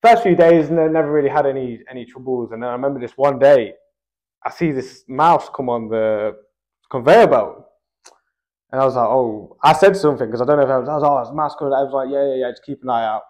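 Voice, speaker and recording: A man's voice: medium pitch, quick pace, darkish tone. A young Australian man telling a rambling story in casual chat, dotting his talk with "like" and "bro".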